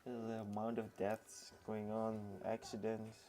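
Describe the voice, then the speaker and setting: A man chiming in on a talk stream with quiet, brief remarks and murmured agreement. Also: fairly low pitch, completely flat delivery, slow.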